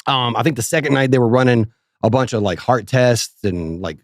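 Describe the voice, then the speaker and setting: A man's voice: mid-range voice, expressive, normal speed, no echo, clean studio sound. Laid-back man from Kentucky. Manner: laid-back storytelling with many fillers. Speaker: podcast co-host. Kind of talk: casual chat.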